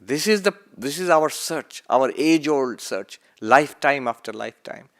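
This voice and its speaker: A man giving a spiritual talk as a monk, asking rhetorical questions, rising emphatically, then letting his lines fade softly. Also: medium pitch, lively intonation. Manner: rhetorical questions, emphatic rises and soft trailing endings; slow deliberate delivery with repeated phrases. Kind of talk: lecture-style sermon.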